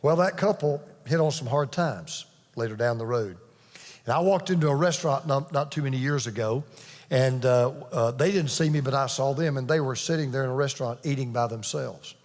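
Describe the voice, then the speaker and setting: A man's voice: mid-range voice, a little fast, a little mellow. A man preaching a sermon as pastor, telling stories earnestly and pressing his points with emphatic repetition. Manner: earnest storytelling, emphatic with restarts. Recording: long reverb of a large hall.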